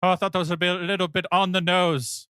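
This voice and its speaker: A man co-hosting a comedy podcast, dropping short dry, deadpan jokes in casual chat. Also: sits high, quick pace, clean tone, no echo. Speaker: podcast co-host.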